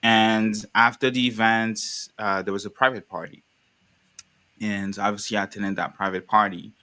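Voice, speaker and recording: A young man from the Congo, speaking as a panelist in a live conversation, talking in an animated, rambling way with many restarts. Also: fairly low pitch, normal speed.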